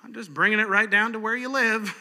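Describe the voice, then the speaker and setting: High-voiced, bright-toned preacher. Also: male voice, fairly even intonation, brisk, big-room sound. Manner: folksy, practical, laughs easily. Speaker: pastor. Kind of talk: sermon.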